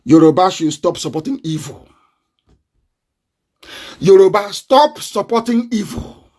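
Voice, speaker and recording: A man's voice: sits high, animated, unhurried, a little mellow. A man with a Nigerian accent, speaking in a fiery, confrontational live online broadcast and breaking into mocking laughter. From southeastern Nigeria.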